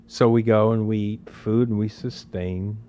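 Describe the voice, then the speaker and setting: A spiritual teacher gives a talk that is conversational yet emphatic, repeating phrases and posing rhetorical questions. He has a lowish, mellow voice with fairly even intonation and an unhurried pace.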